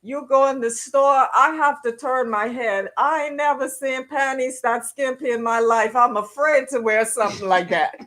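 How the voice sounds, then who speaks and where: A woman's voice: sits high, normal speed, few pauses. A woman telling stories in casual chat, acting out quotes and laughing as she goes. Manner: animated storyteller who acts out quotes and laughs through her stories.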